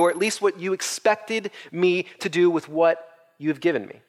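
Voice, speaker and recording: A male pastor giving a conversational, animated sermon, acting out the verses he quotes. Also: on the high side, fast. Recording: echoey hall.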